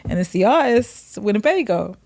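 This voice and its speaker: A woman's voice: mid-range voice, normal speed. A woman guest on a podcast, telling a story in a casual way, acting out the voices of other people with laughter. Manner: animated, acts out quotes with laughs.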